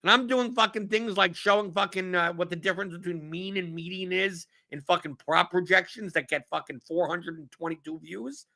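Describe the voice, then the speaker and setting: A man's voice: high voice, normal speed, hardly any pauses, pushed and bright. A man hosting a casual Q&A show, riffing bluntly and profanely in an exasperated monologue. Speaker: podcast host answering viewer questions.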